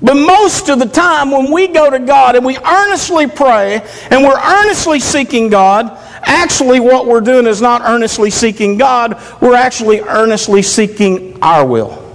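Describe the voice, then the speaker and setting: High-voiced man preaching in an echoing hall. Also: lively intonation, normal speed. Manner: earnest, repetitive, rhetorical questions. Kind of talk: sermon. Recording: long reverb of a large hall.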